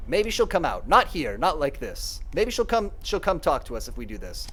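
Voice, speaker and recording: A young man streaming a narrative game live, chatting and thinking aloud in an animated way. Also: fairly high pitch, a little slow. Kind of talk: live gameplay commentary.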